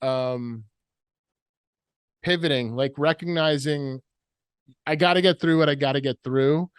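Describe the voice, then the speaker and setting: A man hosting a casual podcast, with a fairly high, smooth, resonant voice. The recording is dry and close. He keeps the talk easygoing and joking, often slipping into quick funny voices. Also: no echo. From United States. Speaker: podcast host.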